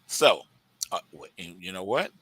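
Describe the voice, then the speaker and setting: A man's voice: deep voice, very animated, a little slow, bright, forceful tone, husky, low-quality recording. A man with a Texas accent hosting a radio talk show, rambling enthusiastically and calling listeners "guys". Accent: Texan.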